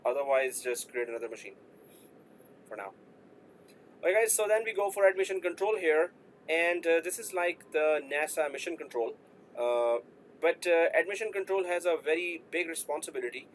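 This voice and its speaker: A man's voice: a little high, animated, normal speed, a little hiss or hum, rough recording. A man teaching a live online IT class, explaining with playful asides and jokes. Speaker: IT instructor.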